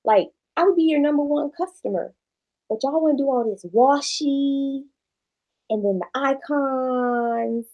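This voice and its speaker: A woman, a shop owner chatting casually and telling animated, playful stories. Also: high voice, a little slow, lo-fi sound. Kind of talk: casual chat.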